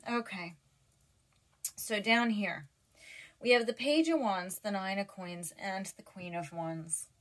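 A woman reads tarot cards for her viewers in a casual, chatty way, full of fillers and restarts. She is teary and emotional as she talks, her voice sitting at a middle pitch. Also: takes it slowly. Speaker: tarot reader.

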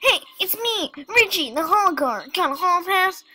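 A shrill, bossy boy hall guard blares out his demands, played by a woman. His voice sits well above her already high pitch, and it is bright and forceful. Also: lively intonation, unhurried, slight background noise, full character voice.

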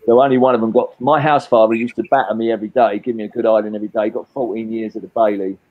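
A man's voice: on the low side, fairly even intonation, racing, narrow, tinny audio. A Cockney man in his late fifties, a guest telling his own life story in a rambling way, often repeating and restarting his words. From England. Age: 50s. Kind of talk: candid personal storytelling.

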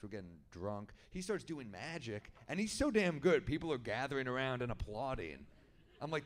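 A man telling a story in stand-up comedy at an indoor venue, with a wry, deadpan delivery. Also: mid-range voice, slight background noise.

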